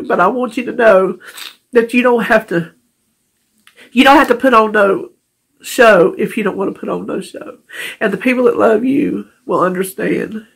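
Her voice is a little high, creaky, and slightly rough. She's a middle-aged North Carolina vlogger, tearful and rambling through a heartfelt casual video, tripping over her words and breaking into frequent laughter.

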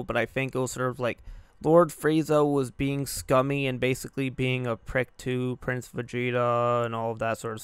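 A man's voice: mid-range voice, a bit bright, clean tone, dry recording. A young man talking casually on his vlog, rambling and correcting himself, with frequent swearing. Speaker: YouTuber and hobby voice actor.

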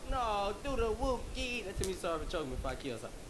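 A man's voice: high voice, big pitch swings, fast talker, background noise. A man in a prank vlog, rowdy and taunting in casual chat. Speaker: prank accomplice. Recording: crowd chatter behind.

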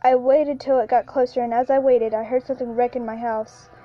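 A woman narrating a first-person horror story in a halting way, with frequent restarts and repeated lines. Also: on the high side, fairly even intonation. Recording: lo-fi with faint background music.

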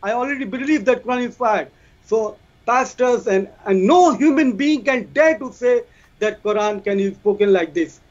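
A man argues his case in a debate, recites scripture in Arabic and keeps asking rhetorical questions. His voice sits very high. The stream audio is dull and lo-fi. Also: animated, normal speed. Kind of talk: debate presentation.

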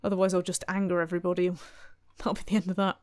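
A woman's voice: fairly low pitch, little pitch movement, fast, a little mellow, no room sound. A woman commentating on her own gameplay in a wry, chatty way, full of exasperated asides. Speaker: let's play host.

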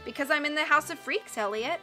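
A woman voicing a shy, melancholy contortionist woman who sighs and speaks softly, a little higher than the narration. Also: fairly quick, faint music behind. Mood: shy, sad. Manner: soft, sighing, shy.

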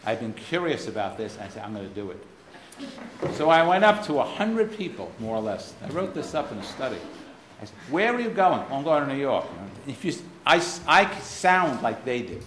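American guy w a bit of boston accent telling a story at a lecture, dry and wry, mid pitch, roomy hall w faint hiss. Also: very animated, a little fast, fairly bright tone. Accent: faded Boston. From United States. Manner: wry, digressive storyteller with blunt asides. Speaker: keynote speaker. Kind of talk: anecdotal lecture.

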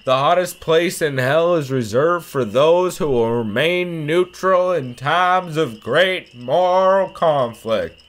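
A man putting on an exaggerated Southern drawl for a quoted orator, slow and loud. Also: fairly high pitch, lively intonation, voice pushed up. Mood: orating. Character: preacher quoting a civil rights leader, Southern-sounding adult man.

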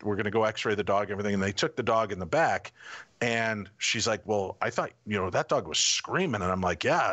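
A middle-aged man, a podcast guest, telling a personal story in a lively way and acting out what people said. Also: lowish voice. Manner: animated anecdotal storytelling, acting out quotes. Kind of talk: casual storytelling.

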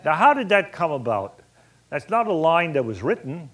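Male director, raconteur type, slightly high and very expressive delivery. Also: moderate pace, slightly rough. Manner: animated, colorful storyteller who acts out dialogue. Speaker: film director. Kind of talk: anecdotal storytelling to an audience.

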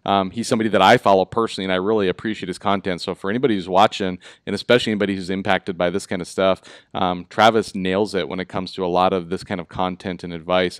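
A man's voice: deep voice, smooth, no room sound, clean studio sound. A man with a Minnesota accent hosting a live online talk show, chatty and upbeat, with lots of fillers. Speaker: host. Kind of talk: casual live show chat.

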